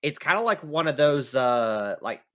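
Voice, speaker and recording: A man's voice: mid-range voice, animated, moderate pace, pushed and bright. A man narrating as game master of a tabletop game, casual and hesitant with fillers.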